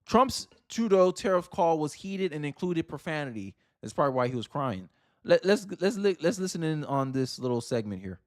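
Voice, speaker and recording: Emphatic high-voiced male political commentator. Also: big pitch swings, normal speed. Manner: emphatic, repeats phrases for effect. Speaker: livestream host.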